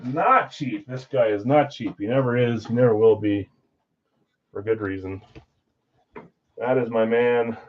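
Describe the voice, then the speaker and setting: A man's voice: mid-range voice, a little slow, long pauses, highs cut off. Chatty man hosting a live card break. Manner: casual, chatty, talking to viewers while opening packs.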